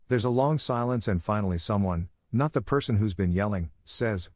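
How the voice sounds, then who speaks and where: A man with a fairly low voice reads fast-food worker stories aloud in a scripted narration. He lifts his pitch when quoting customers and coworkers. The sound is dry and close, with no room around it. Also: a little mellow, no room sound. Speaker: narrator reading online posts.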